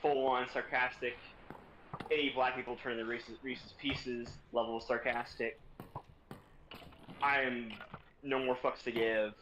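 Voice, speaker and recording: A young man streaming, telling a story in a casual, sarcastic and profane way, speeding up in quick bursts. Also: medium pitch, level tone, muffled recording, background noise.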